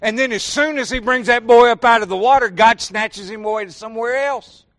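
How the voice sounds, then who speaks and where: A middle-aged Southern pastor with a very high, slightly bright voice preaches briskly. His folksy sermon quizzes the congregation directly, full of questions and "y'all."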